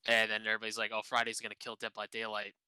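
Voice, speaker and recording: Podcast co-host, male, lowish voice, very bright and crisp, dry close sound, loose and sweary. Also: very fast, no room sound, poor audio. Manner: swears often, excitable, laughs a lot. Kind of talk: casual podcast chat.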